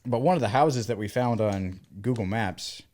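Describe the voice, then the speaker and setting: A man's voice: on the low side, moderate pace. A man in his thirties from the American South, co-hosting a podcast in casual chat and telling stories by acting out the things people said. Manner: animated storyteller who acts out quoted dialogue. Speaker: podcast co-host.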